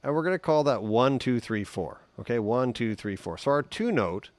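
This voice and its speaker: A man giving a relaxed, chatty guitar lesson on a live stream, humming note sounds as he explains. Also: mid-range voice, normal speed. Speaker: guitar teacher.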